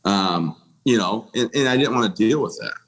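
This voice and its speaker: A podcast guest from the United States, in his thirties, recounts a personal story candidly in conversation, talking bluntly with repeated restarts and "you know"s. His fairly low voice is expressive and moves at normal speed.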